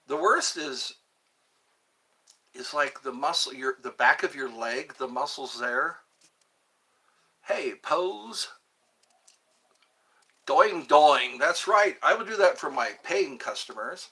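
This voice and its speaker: Livestream host, man, lively sing-song delivery, unhurried, trips over his words. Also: fairly high pitch, husky. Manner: chatty, animated, stumbles and repeats words. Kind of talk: casual live-stream chat reading viewer comments.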